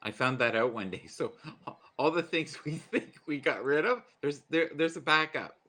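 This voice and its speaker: A man chatting casually on a group livestream, his voice bright and forward. He tells stories with animation and breaks into laughter often. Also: fairly high pitch, lively intonation, normal speed.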